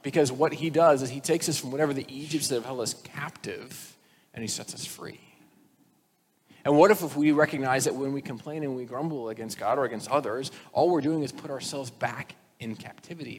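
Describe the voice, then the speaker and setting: A man's voice: mid-range voice, fairly quick. Man preaching in a reverberant hall. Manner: conversational, animated storytelling with acted quotes. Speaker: pastor. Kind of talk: sermon. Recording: long reverb with faint noise.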